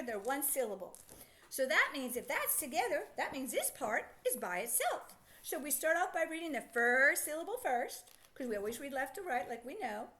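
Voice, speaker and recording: A woman teaching a phonics lesson to children, sounding out words slowly and asking lots of encouraging questions. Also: fairly high pitch, fairly bright tone. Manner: encouraging, asks many questions.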